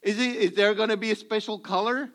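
A man's voice: high voice, steady tone, brisk, a bit bright. A male pastor preaching to a congregation, telling humorous stories and acting out bits of dialogue. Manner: humorous storytelling, acts out dialogue. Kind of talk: sermon.

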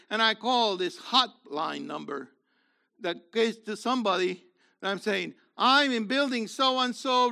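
Older male preacher-teacher, lively, dramatic delivery, loud then hushed. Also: sits high. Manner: dramatic swings between loud emphasis and quiet asides. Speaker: minister and university teacher. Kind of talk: sermon-style teaching talk.

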